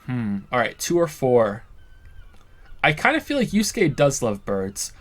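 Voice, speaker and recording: A man's voice: medium pitch, wildly swooping pitch, a little slow, fairly bright tone. A man streaming a game playthrough, reading the dialogue and making wry, joking asides.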